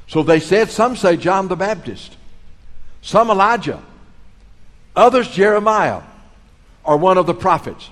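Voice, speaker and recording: A middle-aged pastor delivers a sermon. His voice sits a little high and swells on the key phrases. It rings out with the long echo of a large hall. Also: expressive, normal speed. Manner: earnest, storytelling preacher, swells in volume on key phrases. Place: large hall, school auditorium.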